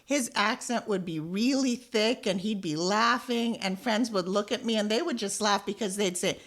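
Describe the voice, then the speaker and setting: A woman's voice: medium pitch, normal speed, fairly bright tone. A middle-aged woman from Jamaica co-hosting a podcast, reminiscing and chiming in with agreement. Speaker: podcast co-host. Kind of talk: casual podcast chat.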